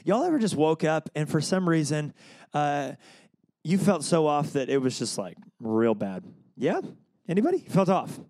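A young man preaches in a loose, conversational way, with a slightly higher voice that swings up when he gets excited. He tells stories, chuckles often and calls out to the congregation for answers. The sound is dry and close, with little room echo. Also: normal speed. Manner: animated storytelling with laughs and call-and-response. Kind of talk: casual sermon.

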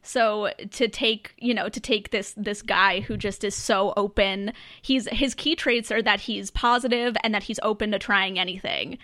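A woman's voice: mid-range voice, steady tone, normal speed, few pauses, pushed and bright, no echo, studio quality. A woman co-hosting a podcast, talking frankly and wryly with casual swearing. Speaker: podcast co-host. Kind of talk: casual chat.

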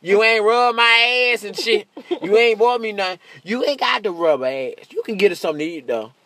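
A brash man riffing through a stand-up bit, cursing freely and laughing at his own jokes. His voice sits high and comes out bright and sharp. Now and then he jumps into a shrill mocking voice. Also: fairly quick, no room sound. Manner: profane, brash, laughs often. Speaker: comedian. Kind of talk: stand-up monologue.

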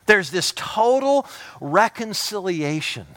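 A pastor preaching, a man with a slightly high voice. He presses his points hard, then drops to a near hush to draw listeners close. He doubles back on words as he gets worked up. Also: sing-song, slow. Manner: emphatic, swinging from loud urgency to hushed intimacy; repeats words and restarts when fired up. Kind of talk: sermon.

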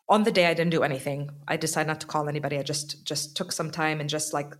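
Young woman with a lowish voice telling a story, gets animated and does the voices. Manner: animated, acts out quotes with rising pitch. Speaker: podcast guest. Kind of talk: casual storytelling.

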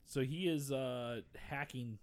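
A man's voice: medium pitch, slow pace. A man co-hosting a podcast, wryly narrating the film's scenes and laughing a lot. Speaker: podcast co-host. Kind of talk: casual movie commentary chat.

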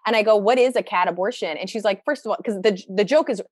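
A woman's voice: medium pitch, fast talker, dry recording. Chatty young woman comedian, dry mic. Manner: chatty, lots of fillers, animated quoted asides. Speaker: stand-up comedian, guest. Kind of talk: casual conversational storytelling.

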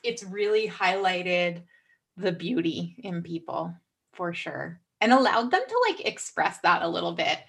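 A woman's voice: on the low side, expressive, a little slow, gravelly, slightly rough. A woman talking about love and belonging in a heartfelt, casual chat.

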